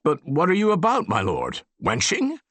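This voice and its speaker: An honest, worried servant who begs and pleads, as a male narrator plays him. His voice sits a little above the narrator's low base and swings with urgency. The recording is dry and close. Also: wildly swooping pitch, moderate pace, a bit bright, no room sound, exaggerated voice. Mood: urgent pleading. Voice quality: pleading, earnest. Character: loyal, anxious male royal gardener.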